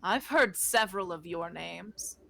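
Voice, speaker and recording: A woman's voice: fairly low pitch, unhurried, creaky, a bit bright, heavily acted. A woman voicing a proud, stern female knight who rules a castle, speaking in a formal, commanding way.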